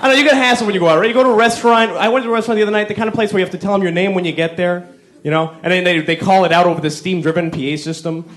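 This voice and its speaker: A man's voice: high-pitched, racing. A man doing a stand-up routine on a live comedy stage, rambling through his stories with restarts and asides. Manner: animated, rambling storyteller with restarts.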